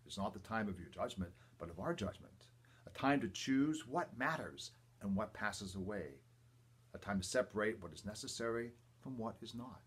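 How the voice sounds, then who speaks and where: An older man, a priest, reading the gospel and a homily in a measured, reverent way, with emphatic quotes and quiet asides. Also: lowish voice, expressive, slightly rough. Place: church or home, livestream.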